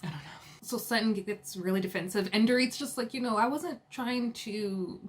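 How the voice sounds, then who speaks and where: A young woman with a slightly high voice recaps a reality show episode in a chatty, casual way. Her talk is full of fillers and quick laughs.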